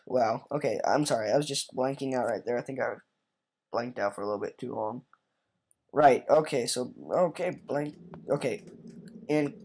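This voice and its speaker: A man's voice: medium pitch, normal speed, darkish tone, a little hiss or hum. A man giving playful, rambling let's play commentary, joking around while playing a game. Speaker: gamer.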